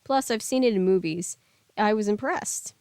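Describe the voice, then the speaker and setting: A woman's voice: medium pitch, normal speed, a little mellow, clear, resonant tone, dry recording, clean studio sound, close to an everyday voice. A woman reading aloud, voicing a bold, cheerful teenage girl in a lightly raised voice. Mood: eager.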